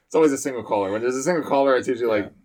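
A man's voice: mid-range voice, very fast, a little mellow. A man, a firefighter and podcast co-host, telling a rambling story in casual chat and laughing often as he goes.

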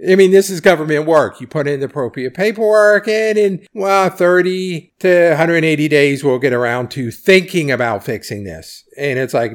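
A middle-aged man hosts a podcast in a casual, conversational way. His voice sits somewhat high for a man. He is opinionated and acts out quoted lines in a raised voice. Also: lively intonation, moderate pace, hardly any pauses. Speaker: podcast host. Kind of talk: casual commentary.

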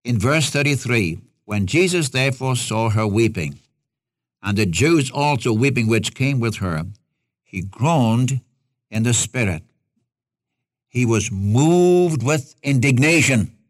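A man's voice: medium pitch, animated, measured pace, no room sound, clean studio sound. Earnest folksy male Bible preacher. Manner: earnest, folksy, addresses listeners directly; asks rhetorical questions. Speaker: Bible teacher. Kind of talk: radio Bible sermon.

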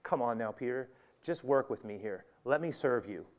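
A man voicing a gentle, patient male teacher who speaks softly and coaxingly. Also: medium pitch, normal speed, close to an everyday voice. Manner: soft, calm, coaxing.

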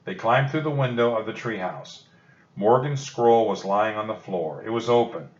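A man with a lowish voice reads a children's book aloud in a calm, steady way. The recording is roomy and echoey, with a dull, lo-fi tone. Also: moderate pace. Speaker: storybook reader.

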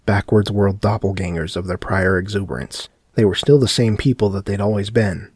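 A man narrating a dark horror story in a steady audiobook reading. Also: lowish voice, husky, no room sound, studio quality.

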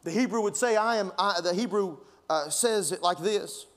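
A man's voice: sits high, normal speed. A man preaching a sermon as pastor, fervent and conversational, pushing his emphasis upward. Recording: long reverb of a large hall.

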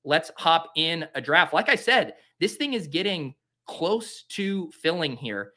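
This late-twenties podcast host from the Boston area gives casual live commentary, rambling, joking, and launching into theatrical, self-pitying rants. His fairly high voice is expressive and sharp, and he speaks at a measured pace.

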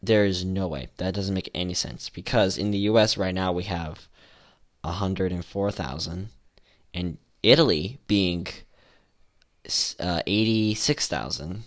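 A young man with a very low voice hosts his own podcast alone. He talks off the cuff and wanders, restarting sentences and stacking fillers as he goes. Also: a little slow. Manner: rambling, with many restarts and fillers. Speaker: podcast host. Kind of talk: casual solo podcast commentary.

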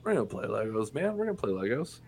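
A man's voice: lowish voice, sing-song, fast, creaky, darkish tone, slight background noise. A man voicing a sleepy, out-of-it father on methadone, mumbling and slurring his words. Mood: drowsy. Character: drowsy, out-of-it middle-aged father on methadone.

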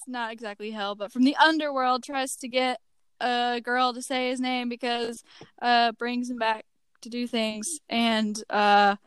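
A young woman talks as a podcast guest, rambling through her answers with plenty of fillers and giggles. Her voice is smooth and sits fairly high. The recording is dry and close. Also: fairly bright tone, no room sound. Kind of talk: casual podcast chat.

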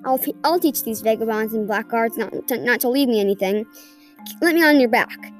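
A woman's voice: on the high side, brisk, soft background music, close to an everyday voice. A woman voicing an evil male corpse who commands, hisses and cackles menacingly in a spoken ghost story. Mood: commanding.

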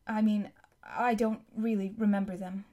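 A woman's voice: mid-range voice, fairly even intonation, moderate pace, dark tone, highs cut off, lightly acted. A woman reading aloud, voicing a nervous teenage boy apprentice who mumbles and stammers.

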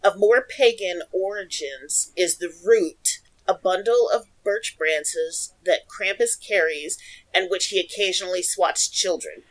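A woman's voice: on the low side, unhurried, poor audio. A young woman co-hosting a casual podcast, reading folklore research aloud with playful, giggly asides. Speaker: podcast co-host.

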